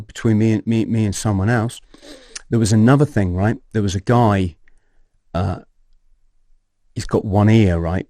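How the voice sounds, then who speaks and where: A man in his fifties, a podcast guest telling a story in a lively way, acting out what people said and swearing casually. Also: lowish voice, dry recording, clean studio sound. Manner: animated, acts out quoted dialogue, swears casually. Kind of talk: storytelling in an interview.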